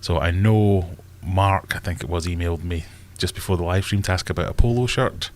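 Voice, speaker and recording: Scottish male host, low voice, loose self-mocking live-stream chatter. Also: a little fast, slight background noise. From Scotland. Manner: rambling and self-mocking, thinks aloud. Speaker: aquarium channel host. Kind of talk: casual live-stream chat.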